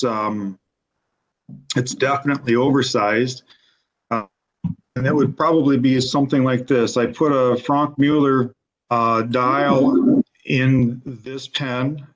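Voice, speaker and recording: A man who makes pens talking haltingly, with many fillers, on a video call panel. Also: mid-range voice. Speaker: penmaker panelist. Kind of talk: casual panel discussion. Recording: dull, lo-fi audio.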